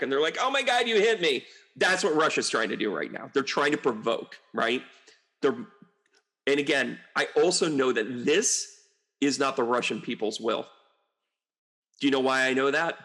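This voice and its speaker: A man, a psychic medium, rambling through casual commentary full of asides and exasperated outbursts. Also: mid-range voice. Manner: rambling and animated, with frequent asides and mocking quotes. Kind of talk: casual political commentary monologue.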